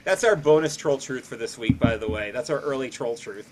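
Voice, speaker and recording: A man's voice: mid-range voice, fairly quick, a crowd in the background. A man co-hosting a casual recap chat, running through events and laughing often. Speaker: podcast co-host.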